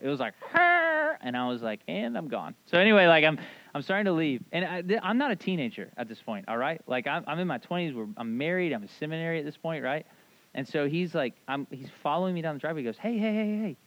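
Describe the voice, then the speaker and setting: A man in his thirties preaching a sermon, animated and casual, acting out voices in his retelling. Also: on the high side, quick pace, muffled recording. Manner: animated storyteller, acts out voices, casual asides. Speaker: pastor.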